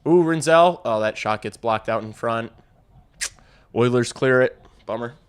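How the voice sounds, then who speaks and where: Excitable young man calling hockey live. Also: mid-range voice, measured pace, clean tone. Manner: excitable, swears freely, talks to chat. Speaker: livestream hockey watch-along host. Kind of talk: casual live play-by-play reaction.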